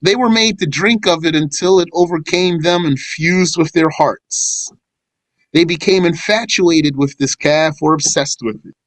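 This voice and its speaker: A man teaching a scripture lesson. He recites verses in Arabic, then explains them in English in a measured way. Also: fairly high pitch, dry recording, poor audio. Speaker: religious teacher.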